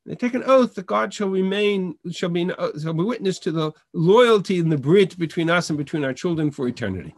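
A man's voice: high voice, lively intonation, brisk, hardly any pauses, dry recording. Man teaching a Bible text class. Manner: reads verses in Hebrew then translates, with frequent restarts. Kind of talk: online text study lesson.

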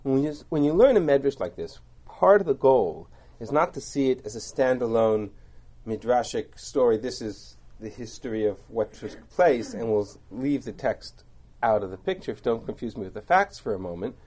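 Animated man teaching a text class. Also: mid-range voice, normal speed. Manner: animated, explanatory, rhetorical asides.

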